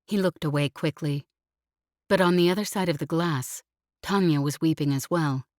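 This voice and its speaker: Woman audiobook narrator, low voice, measured, dry close studio sound. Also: a little mellow, no echo. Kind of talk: scripted narration.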